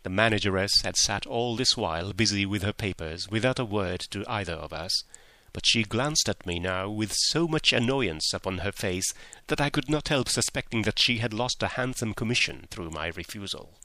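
A man narrating a classic story in the first person, measured and expressive, in the style of an audiobook. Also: lowish voice, no room sound.

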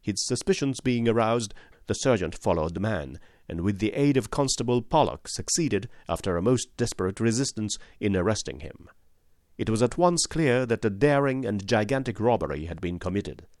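Man reading an old detective story, low steady voice, dry sound. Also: normal speed, no echo. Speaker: audiobook narrator. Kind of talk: scripted narration of a detective story.

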